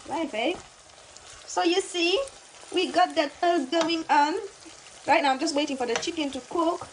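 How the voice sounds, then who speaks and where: A woman's voice: high voice, unhurried, slight background noise, poor audio. A woman chatting casually while she cooks in her home kitchen, repeating words and calling her viewers babe. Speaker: cooking vlogger. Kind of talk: casual cooking chat to camera. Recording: loud frying and sizzling behind.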